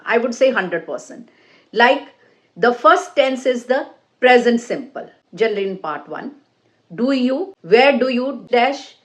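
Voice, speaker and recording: A woman who is a former IELTS examiner, giving an exam-prep lesson, explaining deliberately with fillers and restarts. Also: on the high side. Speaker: English teacher and ex-IELTS examiner.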